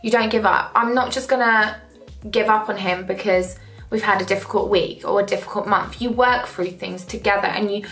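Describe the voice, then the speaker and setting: A woman's voice: medium pitch, steady tone, normal speed, fairly bright tone. A woman vlogging in a casual get-ready-with-me chat, candid and emotional, breaking into laughing storytelling. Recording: roomy echo with faint background music.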